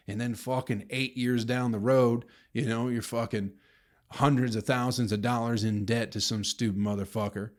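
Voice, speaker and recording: Man, solo podcast host, swearing rant, mid-pitched voice. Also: fairly even intonation, moderate pace. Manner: profane, ranting, mocking impressions. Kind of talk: solo rambling podcast monologue.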